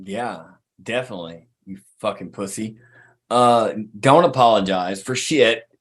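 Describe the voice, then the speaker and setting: A man's voice: lowish voice, measured pace. A man co-hosting a podcast, speaking bluntly and crudely in casual banter. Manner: blunt, crude, laid-back. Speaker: podcast co-host.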